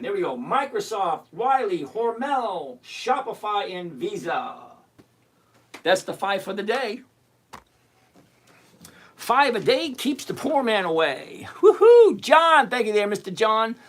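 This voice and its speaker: A man's voice: sits high, takes it slowly. A middle-aged man hosting a trading livestream, brash and teasing as he reads out chat questions. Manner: brash, animated and teasing, reading chat names aloud. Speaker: livestream host answering chat questions on covered-call trading. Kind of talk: live-stream chat.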